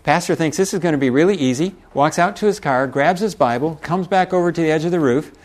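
A man's voice: fairly high pitch, fast. A middle-aged man preaching a sermon, telling a folksy story with chuckles and asides to the congregation. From Texas.

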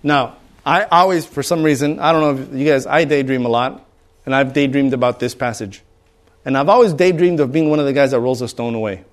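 A middle-aged man preaching a sermon in a conversational way, acting out bystanders with humor. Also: medium pitch. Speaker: pastor.

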